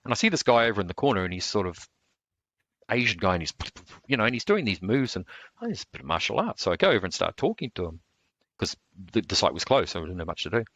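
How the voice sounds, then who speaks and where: A man's voice: fairly low pitch, sing-song, quick pace, fairly bright tone, no echo. A man being interviewed as a martial artist, telling long rambling stories with many restarts. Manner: rambling, full of restarts and fillers. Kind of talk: casual storytelling interview.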